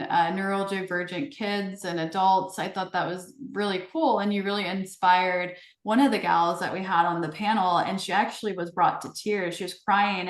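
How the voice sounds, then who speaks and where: Enthusiastic woman guest in roomy echo. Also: medium pitch. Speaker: guest, agency co-founder. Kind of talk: conversational interview.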